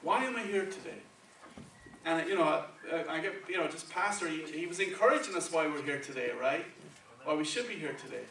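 High, bright-voiced preacher in an echoey church. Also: male voice, lively intonation, a little fast, vocal fry, far from the mic, a little hiss or hum. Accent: Spanish-accented English. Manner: conversational, checks in with "okay" and "right". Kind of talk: sermon. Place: church sanctuary.

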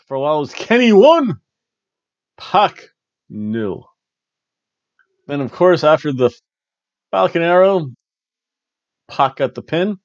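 A man hosting a wrestling review podcast, recapping a show in casual chat and slipping into quick mimicry of wrestlers. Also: fairly high pitch, dry recording, dull audio. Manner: animated, mimics wrestlers and announcers in quick asides.

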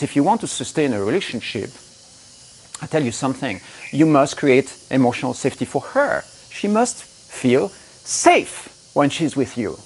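A man coaching other men on relationships, blunt and emphatic, cursing freely. His voice runs a little high for a man and swings widely up and down as he presses his points. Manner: blunt, emphatic, swears freely, acts out angry quotes. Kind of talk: direct-to-camera coaching talk.

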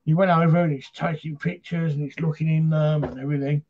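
A man's voice: on the high side, level tone, fast, lo-fi sound, slight background noise. A man from Britain hosting a paranormal chat show, telling stories in a rambling, casual way with lots of fillers.

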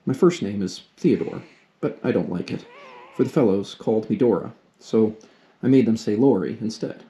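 A man voicing a polite, good-humored teenage boy while reading a storybook aloud, close to his own low voice. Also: normal speed, warm tone, natural voice. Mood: pleasant. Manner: polite and pleasant.

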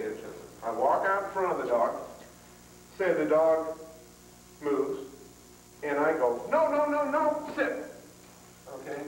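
Heard from far away on an old 1990s tape in an echoey hall, a man with a fairly high-pitched voice runs a live dog training seminar, with slight background noise. He speaks in a plain, folksy way and frequently starts his sentences over.

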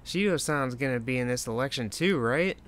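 A man co-hosting a gameplay video, chatting in a relaxed way with short replies, with game music behind. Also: mid-range voice, brisk. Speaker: let's play co-host. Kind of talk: casual gameplay chat.

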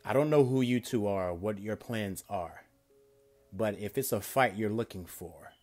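A man voicing a confident young male ninja hero in a fan-made story, speaking low, slow and cocky. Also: darkish tone, soft background music.

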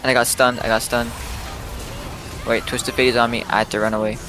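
A man calling out plays while gaming, reacting quickly and repeating himself in the heat of the moment. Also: medium pitch, level tone. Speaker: gaming streamer. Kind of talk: excited gameplay chat.

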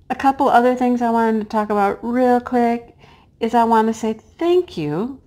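A middle-aged woman chatting casually while she crafts, her voice hoarse and cracking, sometimes dropping to a hush as she works. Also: a little high. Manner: chatty and homey, drops to a hush while placing pieces. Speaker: crafting vlogger and teacher. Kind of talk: casual chat while diamond painting.

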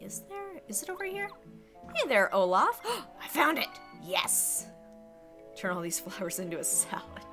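A woman's voice: mid-range voice, pushed and bright. A woman streamer chatting casually through a game, chatty and exclamatory with frequent giggles.

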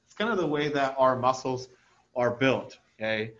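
A man giving a recorded anatomy lecture over slides in a relaxed, conversational way, often checking in with "okay?". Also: medium pitch, normal speed, lo-fi sound. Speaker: anatomy instructor.

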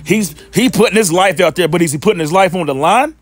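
A man's voice: high-pitched, quick pace. A man preaching informally and reading scripture aloud, scornful and repetitive, often stumbling over his words. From Western North Carolina.

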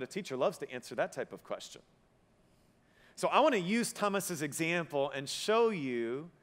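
Male pastor, higher voice, humorous conversational sermon; hall reverb. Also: a bit bright. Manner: humorous, conversational preaching with audience asides. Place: church auditorium. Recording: long reverb of a church hall.

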